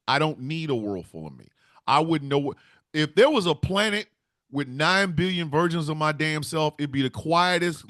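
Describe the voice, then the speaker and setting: A man's voice: on the high side, fairly bright tone, no echo, studio quality. A man hosting a casual stream, talking emphatically, swearing and laughing often. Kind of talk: casual livestream chat.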